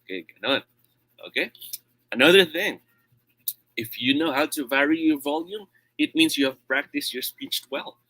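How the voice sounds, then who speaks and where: Brief: young Filipino male speech tutor, bright voice, dry close sound, mixes English and Tagalog, keeps asking "okay?". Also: a little high, huge pitch swings, moderate pace, vocal fry, long pauses, no echo, rough recording. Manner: switches often between English and Tagalog, checks in with frequent "okay?"; demonstrates loud and soft volume while teaching. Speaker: speech teacher. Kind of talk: online tutorial lesson.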